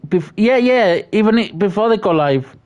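A livestream host from Britain, chatting casually and reading out viewer messages, often stammering and repeating words while giving friendly shout-outs. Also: mid-range voice, lively intonation, moderate pace, highs cut off.

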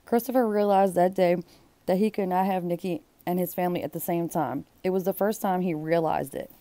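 A woman's voice: on the low side, steady tone, a little fast, dark tone, dry recording. A woman reading a book aloud and breaking off for blunt, exclaiming comments. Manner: blunt, exclaiming asides between read passages.

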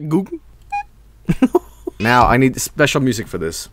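A man streaming casually, giggling, excitable and swearing as he works. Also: medium pitch, very slow. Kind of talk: casual livestream commentary.

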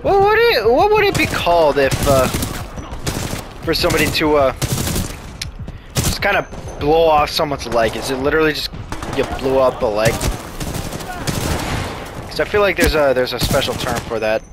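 A man's voice: mid-range voice, big pitch swings, normal speed, long pauses, noisy background. A man commentating his own gameplay, swearing at enemies and mocking himself. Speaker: gaming video host. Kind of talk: let's play commentary. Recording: commentary over loud gunfire.

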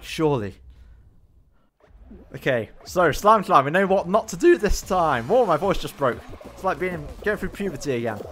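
A man giving excitable, self-mocking running commentary on his own gameplay as a gaming YouTuber. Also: fairly high pitch.

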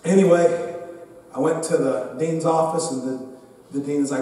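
A man preaching in a long, echoey church hall, heard from some distance off the mic. He is a pastor with a lively, swinging delivery and a fairly high voice, telling a humorous story and joking with the congregation. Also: measured pace, long pauses. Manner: humorous, lively storyteller who acts out the people in his stories; talks directly to the congregation and jokes with them. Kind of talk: sermon with personal storytelling. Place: church sanctuary.

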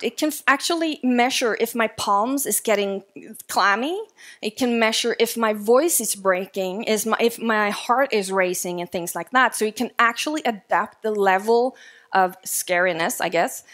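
A woman speaking at a tech conference, presenting in a lively, conversational way with casual fillers. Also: mid-range voice. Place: conference stage before an audience.

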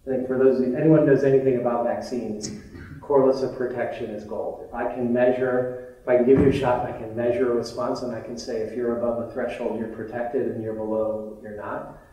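A man's voice: medium pitch, level tone, fairly quick, mellow. Candid male lecturer in an echoey hall. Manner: conversational, candid, self-deprecating, with fillers. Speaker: physician lecturing on vaccines. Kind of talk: informal medical grand rounds lecture. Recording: echoey hall, mic far off.

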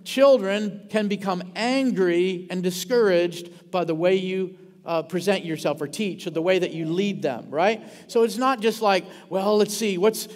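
A male pastor preaching a sermon in a church, animated and quick, stumbling over words and asking the congregation questions. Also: high voice, in a large hall. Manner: animated preaching with many restarts and audience questions. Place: church sanctuary. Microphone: ringing handheld or stage mic.

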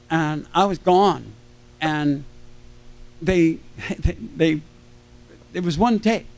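An older man with a notably high voice tells loose, jokey stories from a convention panel stage. He keeps breaking off mid-sentence and circling back. Now and then he acts out the people he quotes. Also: a little mellow. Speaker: celebrity panel guest. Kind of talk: rambling anecdotal storytelling.

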